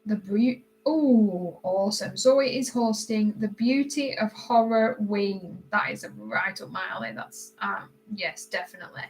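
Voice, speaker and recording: A woman from Britain hosting a casual live stream while she colors, greeting viewers by name and answering their comments, her voice often drifting quieter as she concentrates. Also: mid-range voice, a little slow, few pauses, rough recording. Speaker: livestream host.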